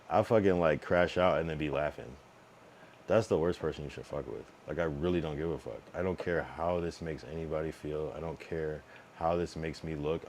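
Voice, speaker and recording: A deep-voiced young man holds forth on his livestream, swearing freely and circling back over his own words. His talk is loose and rambling, full of restarts. A faint hiss sits under his voice. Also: a little mellow. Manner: blunt, profane, rambling with frequent restarts. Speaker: streamer. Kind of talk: casual livestream monologue.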